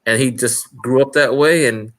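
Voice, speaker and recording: A man from California in a casual chat, telling stories about his life in a slow, deliberate way. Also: medium pitch, fairly bright tone.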